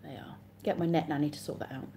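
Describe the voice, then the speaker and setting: A woman's voice: low-pitched, steady tone, fast, vocal fry, warm tone, a little hiss or hum. An English woman hosting a casual live stream, chatting and reading viewer comments aloud with frequent laughs. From England.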